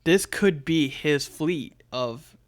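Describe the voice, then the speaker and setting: A man's voice: fairly high pitch, takes it slowly. A young man co-hosting a casual podcast, rambling with lots of fillers and restarts. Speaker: podcast co-host. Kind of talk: casual chat.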